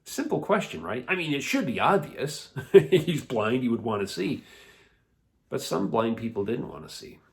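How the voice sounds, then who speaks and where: A man leading children's church, telling a Bible story in a playful, animated way. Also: medium pitch, normal speed, vocal fry. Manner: animated, playful, laughs often.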